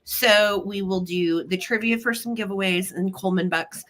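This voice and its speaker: A woman's voice: medium pitch, moderate pace, a bit bright. A woman from Missouri hosting a live vintage sale stream, chatting and greeting viewers by name, her voice a little choked up with a slight cough. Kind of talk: casual live-stream chat.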